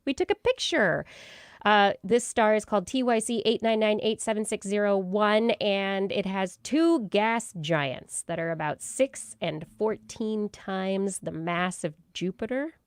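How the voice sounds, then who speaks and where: A woman's voice: medium pitch, measured pace, smooth, dry recording, studio quality. Chatty science podcast host, woman. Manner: explains research in a loose, chatty way with laughs. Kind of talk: casual science chat.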